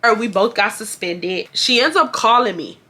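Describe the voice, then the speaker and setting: A woman, telling a story in a casual, animated and profane way. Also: medium pitch, moderate pace. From Houston, Texas. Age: 20s. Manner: animated and profane, acting out shouted quotes. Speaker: vlogger.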